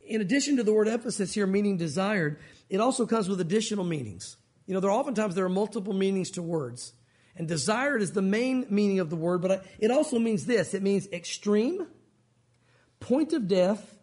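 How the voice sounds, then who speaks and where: A man's voice: high-pitched, animated, normal speed, darkish tone. A male pastor preaching a sermon at a church service, earnest and emphatic, often asking his listeners rhetorical questions.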